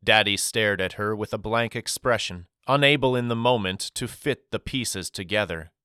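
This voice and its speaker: A man narrates a novel in calm, even storytelling. His voice is low and smooth, with an unhurried pace and a dry, close sound. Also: dry recording. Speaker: audiobook narrator.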